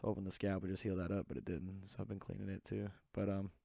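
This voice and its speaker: A man's voice: sits low, flat delivery, quick pace, creaky, dark tone, no room sound, studio quality. A man hosting a casual solo podcast, rambling with many fillers and restarts. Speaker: podcast host.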